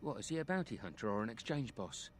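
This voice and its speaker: A weary male refugee beggar with a posh British accent, voiced by an actor in a video game. He speaks in a measured, matter-of-fact way, worn down but street-wise. His voice sits at an ordinary middle pitch. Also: big pitch swings, slight background noise, natural voice. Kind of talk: game voice acting.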